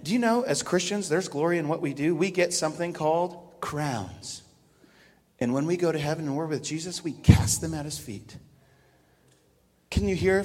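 High-voiced preacher in a reverberant hall. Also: male voice. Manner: preaching, bursts into loud shouted drill cadence. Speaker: pastor. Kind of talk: sermon. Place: church sanctuary.

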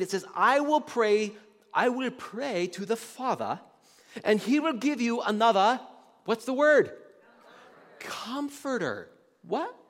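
High-voiced man preaching in a reverberant hall. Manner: conversational, quizzes the room, many restarts. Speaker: pastor. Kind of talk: sermon to a congregation. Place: church hall with an audience.

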